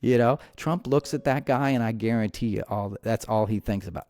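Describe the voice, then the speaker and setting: A man's voice: mid-range voice, normal speed, hardly any pauses, darkish tone, no echo. A man hosting a podcast, ranting heatedly about politics with many restarts and repeated words. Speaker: podcast host. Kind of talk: angry political commentary.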